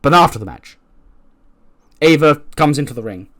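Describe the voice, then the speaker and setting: A man's voice: on the high side, animated, normal speed, a bit bright, no room sound, studio quality. A man casually narrating a wrestling management game, chatty with lots of fillers. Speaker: let's play host.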